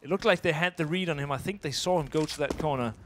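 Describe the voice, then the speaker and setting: A man's voice: fairly high pitch, quick pace, noisy background. Chatty man commenting a live esports match. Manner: chatty, laughs easily, thinks aloud mid-sentence.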